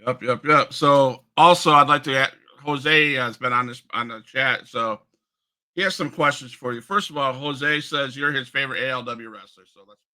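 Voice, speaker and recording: A man hosting a wrestling podcast, relaxed as he passes on questions from the chat. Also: medium pitch, normal speed. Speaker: podcast host. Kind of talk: interview questions.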